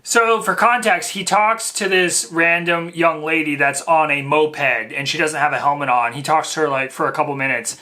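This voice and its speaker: A man hosts a casual reaction commentary, with a bright, forceful tone. He rambles with lots of fillers and mocks what he is reacting to. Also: on the high side, steady tone, moderate pace, few pauses. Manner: rambling, filler-heavy, mocking. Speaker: reaction video host.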